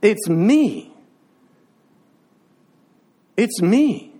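A male preacher with a notably high voice delivers an impassioned sermon. He speaks in a confessional tone and builds momentum through repeated phrases. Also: very animated, extremely slow, mellow, breathy edge.

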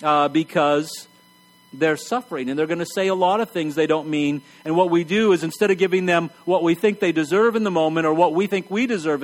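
Middle-aged male preacher, high voice, conversational and blunt, wry humor, hushed emphasis. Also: brisk. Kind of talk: sermon.

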